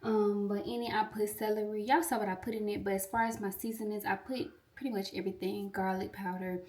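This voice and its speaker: Twenty-something woman vlogging in her kitchen, chatty, talking to "y'all", mid pitch, a bit far off the mic. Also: level tone, a little fast, a little mellow. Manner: chatty, talks straight to viewers as "y'all". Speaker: pharmacy student vlogger. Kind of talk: casual chat. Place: home kitchen, cooking.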